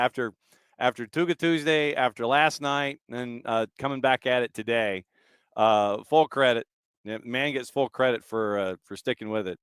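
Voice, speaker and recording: Smooth-voiced male podcast host. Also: mid-range voice, dry recording. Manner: relaxed, runs through betting odds in a list. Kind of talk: casual chat.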